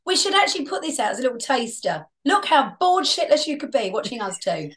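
A woman in her fifties co-hosting a chatty podcast, her voice sitting high and swooping all over the place. She teases her co-host playfully and jumps in fast. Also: very animated, fairly bright tone. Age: 50s. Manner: teasing, playful, jumps in quickly. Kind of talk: casual chat.

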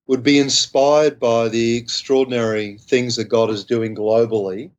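A man's voice: mid-range voice, little pitch movement, a little slow, highs cut off. An Australian man as a podcast guest, answering thoughtfully and modestly with some hesitant restarts. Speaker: guest author. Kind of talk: podcast interview.

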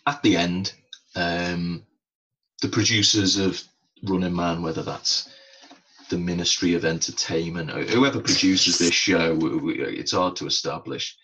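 Low guy, bright voice, chatty rambling film podcast, kinda dull lo-fi audio. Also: fairly even intonation, unhurried, slight background noise. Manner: rambling, chatty, laughs often. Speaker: podcast co-host. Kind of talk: casual film chat.

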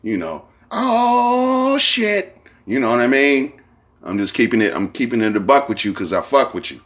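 A man's voice: lowish voice, animated, quick pace, husky. A man hosting his own podcast, talking in a loose, rambling way with lots of slang and profanity and repeated "you know what I'm saying". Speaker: podcast host. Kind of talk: casual solo podcast monologue.

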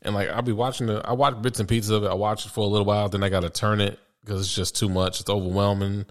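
A father talks in a casual podcast chat. His delivery is measured, reflective and somber, and his voice sits low. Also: level tone.

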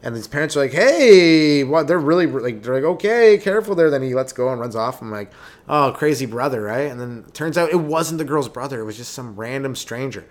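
A young man doing a rambling, profane comedy monologue as a stand-up podcast host, who keeps breaking into quick acted voices and yells. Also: mid-range voice.

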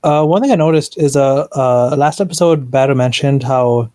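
A man's voice: mid-range voice, moderate pace, dark tone, no room sound, clean studio sound. A man in casual book discussion, hesitant, with many fillers and restarts.

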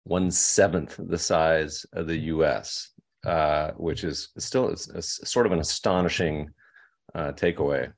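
Male podcast guest, deep register, loose rambling delivery full of fillers. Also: a little slow, vocal fry. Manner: rambling, with many fillers and restarts. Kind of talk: casual podcast conversation.

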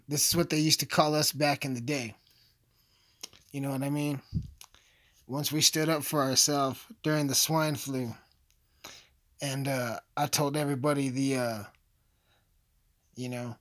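A man delivering a rambling, profane comedic rant as a vlogger, full of asides and swearing. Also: medium pitch.

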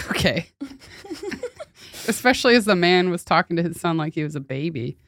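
A woman's voice: lowish voice, very animated, moderate pace, no room sound, clean studio sound. A woman co-hosting a comedy podcast, reading a post aloud in casual chat and laughing often as she reads. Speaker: podcast co-host.

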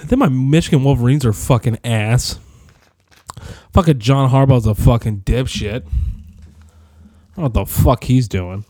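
A man's voice: medium pitch, a little slow, long pauses, dark tone, no echo, studio quality. Sick, rambling, profane young man. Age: 20s. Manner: profane, rambling rants that drift between topics. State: sick with a cough. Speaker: audio diary host. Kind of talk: rambling solo audio diary.

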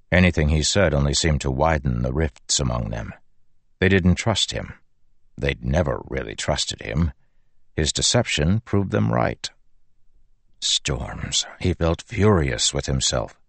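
Deep-voiced male audiobook narrator. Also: vocal fry, dry recording. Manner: measured, steady reading. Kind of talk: scripted fantasy narration.

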